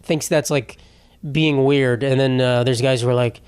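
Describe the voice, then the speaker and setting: A man's voice: medium pitch, steady tone, moderate pace, a little mellow, clear, resonant tone, dry recording. A man hosting a solo comedy podcast, telling rambling, profane, self-mocking stories in casual talk. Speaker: podcast host. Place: home setup.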